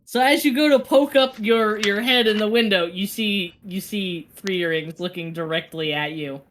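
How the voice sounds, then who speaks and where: A woman's voice: medium pitch, moderate pace, fairly bright tone, slight background noise. Chatty woman running a tabletop game. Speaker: game master.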